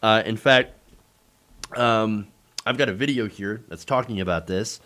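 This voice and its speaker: A man's voice: lowish voice, measured pace, sharp tone. A man hosting a casual political commentary show, talking in a sarcastic, mocking way.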